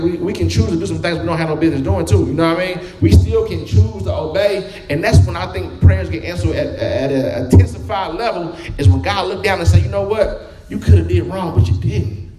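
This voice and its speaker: A man's voice: sits high, dark tone. A man preaching a sermon in a folksy, conversational way. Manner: folksy, conversational preaching with quoted voices and humor. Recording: echoey room with background music.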